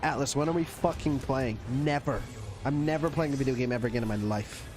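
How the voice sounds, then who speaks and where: A man's voice: medium pitch, fast talker. A man streaming live, chatting casually and profanely with his viewers. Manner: joking, profane, addresses chat. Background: stream audio and music.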